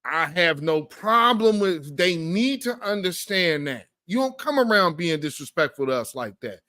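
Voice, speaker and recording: A man's voice: a little high, very animated, normal speed, pushed and bright, dry recording, clean studio sound. A man hosting a political commentary show, talking in an emphatic, slangy, fired-up way.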